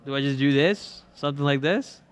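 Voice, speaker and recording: He has a clean, mid-range voice and speaks fairly quickly. A young man running a stock trading stream, he offers casual, meandering market talk full of fillers and chatter.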